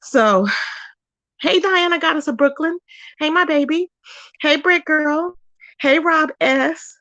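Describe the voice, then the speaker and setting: A woman's voice: sits high, takes it slowly, a bit bright, dry recording, lo-fi sound. A woman hosting a casual livestream, greeting viewers by name and recapping online drama in a chatty way, repeating lines for emphasis. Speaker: livestream commentary host.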